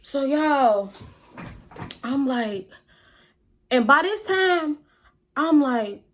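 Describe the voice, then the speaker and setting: A woman vlogger telling a story in a casual, animated, slangy and profane way. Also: high-pitched, very slow, pauses often.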